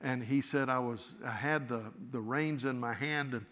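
A man's voice: medium pitch, normal speed, fairly bright tone. A man preaching a sermon, folksy and storytelling, correcting himself in easy asides. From Florida, US. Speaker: pastor. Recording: long reverb of a large hall.

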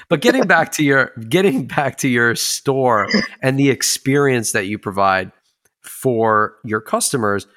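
A man's voice: medium pitch, animated, a little slow, fairly bright tone. Profane laid-back male podcast host. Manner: loose and profane, laughing easily. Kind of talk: casual conversation.

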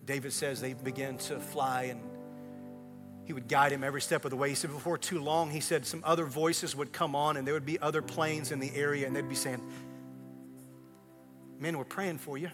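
Preaching man over soft music. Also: medium pitch, a little fast. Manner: storytelling, swings from hushed to loud excited retelling. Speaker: pastor. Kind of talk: sermon.

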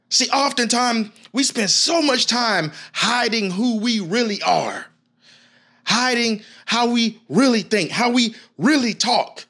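A man's voice: high voice, a bit bright. A man giving a passionate motivational talk straight to his viewers, gritty and emphatic. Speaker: motivational speaker.

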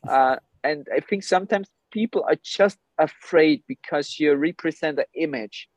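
A man's voice: a little high, normal speed, dry recording, rough recording. A man whose first language is German, a podcast guest, who talks emphatically and bluntly and swears often. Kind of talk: candid podcast conversation.

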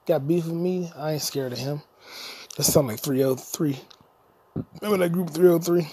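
A man's voice: a little high, normal speed, mellow, husky, no echo. A man hosting a podcast, rambling through a comedic monologue and breaking into improvised scat singing. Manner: freewheeling, jumps between talk and scatted singing. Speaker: podcast host.

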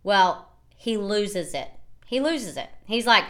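A woman in her thirties from the United States, hosting a podcast and telling a personal story in an animated, rambling way, often quoting what others said. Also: mid-range voice, measured pace. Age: 30s. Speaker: podcast host. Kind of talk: casual storytelling monologue.

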